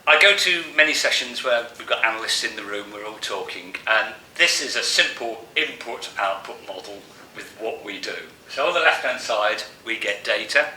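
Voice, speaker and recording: Presenting a live masterclass, a man jokes with a room of analysts and asks them questions, keeping it conversational. His fairly low voice is bright and forceful, with lively intonation, a moderate pace and hardly any pauses. It's recorded from far off in an echoey room with faint hiss.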